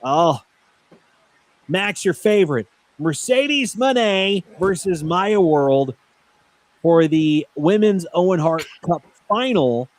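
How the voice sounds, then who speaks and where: Man with a slightly higher voice running down match lists. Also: lively intonation, slow. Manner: runs down match lists with frequent "uh" fillers. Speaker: podcast host. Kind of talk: casual wrestling podcast chat.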